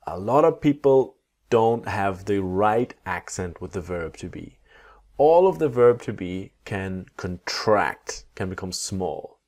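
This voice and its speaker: A man teaching English pronunciation, modeling each sound slowly and deliberately for learners to repeat. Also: lowish voice, a little mellow. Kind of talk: pronunciation lesson.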